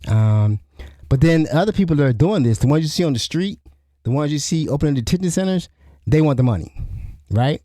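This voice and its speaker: Solo podcast host, middle-aged man, very mellow tone, rambling conversational delivery. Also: on the high side, expressive, fairly quick, no echo, clean studio sound. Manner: rambling, restarts often, asks "you know what I'm saying?". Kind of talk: solo commentary.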